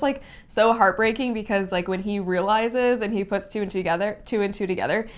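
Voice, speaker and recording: Chatty young woman reviewing a book. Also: a little high. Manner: chatty and emotional, heavy use of "like", sighs and laughs. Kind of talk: casual spoiler book review.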